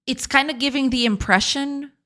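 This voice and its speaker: A woman's voice: high-pitched, moderate pace, sharp tone. A woman game developer, heard through a voice changer, thinking aloud and explaining code step by step in a casual, giggly live-stream chat.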